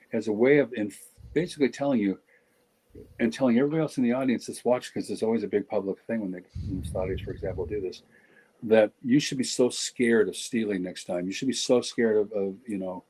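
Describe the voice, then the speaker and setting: A middle-aged man with a low, slightly husky voice talks on a podcast. He is blunt and joking, and he often stops and restarts his sentences. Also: dark tone, poor audio. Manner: blunt, joking, self-interrupting. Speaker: podcast guest speaker. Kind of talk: casual podcast discussion.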